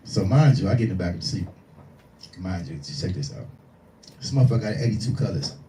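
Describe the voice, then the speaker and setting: A man's voice: low voice, quick pace, noisy background. A man doing stand-up at a live lounge show, ranting through a profane story and acting out every quote. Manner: profane, animated, rants and acts out quotes. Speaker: stand-up comedian. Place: lounge venue with live audience. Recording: roomy venue, distant mic, faint crowd.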